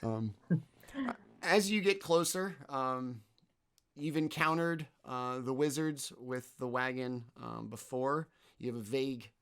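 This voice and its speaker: A man running a tabletop game as game master, narrating the scene slowly with plenty of ums and uhs. His voice is smooth and clear, with a measured, unhurried delivery. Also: mid-range voice, fairly bright tone. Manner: halting, full of ums and uhs.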